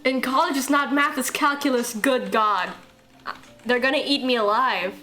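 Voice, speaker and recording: A woman's voice: sits high, steady tone, normal speed, bright, forceful tone, soft background music. A young woman streaming live, chatting casually and rambling while she draws, answering chat and laughing often. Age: young adult.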